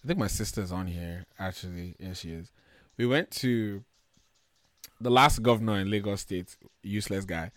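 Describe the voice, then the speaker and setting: A man from Nigeria, telling stories in a casual, animated way, swearing freely and getting loud when he retells arguments. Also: fairly low pitch, moderate pace, no room sound, studio quality. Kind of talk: casual storytelling chat.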